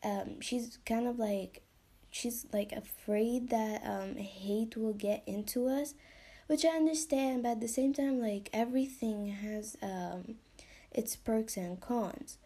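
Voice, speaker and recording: Taking things slowly, a young podcast host speaks in a slightly high voice with a dark tone. Her delivery is casual and rambling, full of fillers and swearing, with occasional drops into a whisper.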